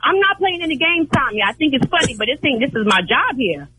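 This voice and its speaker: A woman on the phone, heated and exasperated, her voice bright and swinging widely in pitch. She keeps calling on the Lord. The line carries a faint hiss. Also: very animated, fast talker, rough recording. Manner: exasperated, churchy exclamations. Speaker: prank call target.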